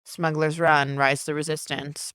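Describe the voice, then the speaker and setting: Low, smooth-voiced woman podcaster. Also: level tone, normal speed, fairly bright tone, no echo, clean studio sound. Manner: enthusiastic, decisive opinions. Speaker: podcast co-host. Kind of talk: casual chat.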